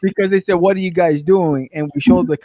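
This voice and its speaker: Man, eager, cuts in, repeats words, high voice, casual chat. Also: steady tone, fairly quick, very noisy. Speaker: podcast crew member.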